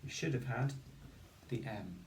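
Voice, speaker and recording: A male teacher giving a patient phonics lesson, slowly sounding out each word and syllable. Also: mid-range voice, a little mellow. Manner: slow, patient, sounding out words. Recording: roomy, distant mic with faint noise.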